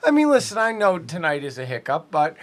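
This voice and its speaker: A man's voice: a little high, sing-song, fairly quick. A man co-hosting a casual sports podcast, rambling and self-deprecating as he reads listener emails. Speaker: podcast co-host, email reader.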